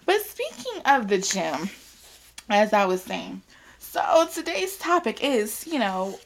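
A woman hosting her own podcast in a casual chat, animated and chatty, swearing freely. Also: medium pitch, slow pace, creaky. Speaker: podcast host.

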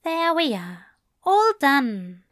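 A woman reading fan fiction aloud, voicing a gentle, doting male angel who speaks softly and tenderly. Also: high-pitched, big pitch swings, drawn-out words, dry recording, clean studio sound, voice pushed up, exaggerated voice. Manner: soft, coaxing, affectionate.

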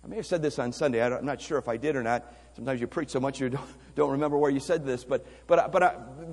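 A man's voice: a little high, animated, fast, few pauses. A man preaching a missions sermon, emphatic, asking rhetorical questions and repeating words as he goes. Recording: long hall reverb.

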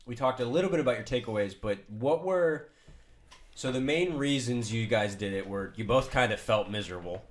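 A man's voice: medium pitch, animated, a little fast. A young man hosting a casual podcast chat, upbeat and steering the talk with questions. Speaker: podcast host.

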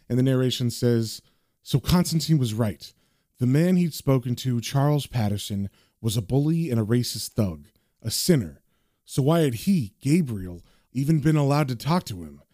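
Lively man recapping a comic. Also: fairly high pitch, dry recording, studio quality. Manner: conversational, reads narration slowly. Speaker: comic book reviewer. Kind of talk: casual recap commentary.

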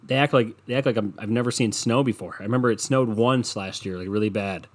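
A man's voice: lowish voice, quick pace. A young man hosting a casual solo podcast, ranting with lots of swearing, mocking people and laughing at his own jokes. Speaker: podcast host.

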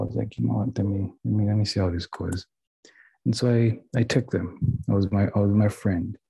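A young man whose first language is not English, speaking in a library and telling his own story in a candid, halting way with many restarts. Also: sits low, creaky, warm tone, husky, no room sound, lo-fi sound. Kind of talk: personal recovery story. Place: indoors, a library.

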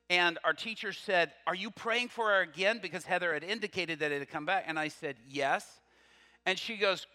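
A man preaching a sermon, telling a story with quoted dialogue and swinging from loud to hushed. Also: sits high, long reverb tail.

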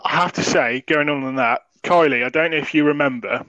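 A man hosting a podcast, telling a story in quick, animated bursts. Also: fairly high pitch, dry recording, low-quality recording. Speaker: podcast host. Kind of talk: casual storytelling chat.

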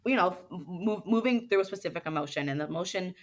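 A woman guest in a casual interview, telling stories in an animated way and acting out what others said. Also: lowish voice, fast. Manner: animated storyteller who acts out what others said. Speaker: guest, dance studio owner.

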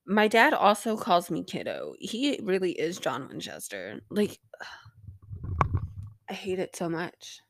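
A woman's voice: lowish voice, wildly swooping pitch, takes it slowly, creaky, a bit bright, no room sound. A young woman hosting a podcast, recapping an episode in a rambling, sarcastic way with plenty of swearing and filler words. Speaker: podcast host.

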